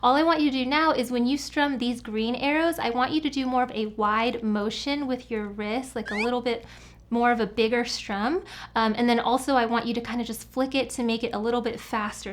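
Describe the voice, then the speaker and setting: A woman's voice: a little high, fairly even intonation, a little fast. Woman teaching guitar, counting beats. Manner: counts beats aloud while strumming. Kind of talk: step-by-step guitar lesson. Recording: guitar strumming under the voice. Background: acoustic guitar playing.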